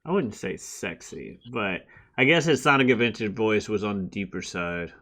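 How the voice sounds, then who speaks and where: An American man co-hosting a podcast in casual chat, playful and quick with jokes and bits of song. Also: on the low side, animated, fairly bright tone. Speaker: podcast co-host.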